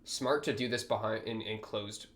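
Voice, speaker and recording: A young man hosting a reaction video, talking casually and excitably with a lot of slang as he reacts to what he watches. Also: on the low side, normal speed. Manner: excitable, slangy, thinks aloud.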